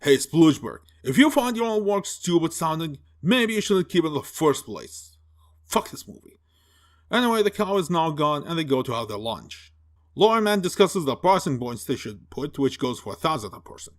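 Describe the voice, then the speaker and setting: A man's voice: fairly high pitch, big pitch swings, fairly quick. A man giving a sarcastic, profane film review rant, mocking and exasperated as he picks apart the plot. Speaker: movie reviewer.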